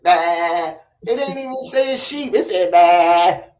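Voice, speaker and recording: A man joking around with friends, his pitch swinging widely as he riffs. He stumbles over repeated words and slips into silly animal noises, voice bouncing up and down. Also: lively intonation, takes it slowly, darkish tone. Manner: playful, imitates animal sounds, stammers through repeated words. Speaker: friend in group chat. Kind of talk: casual comic banter.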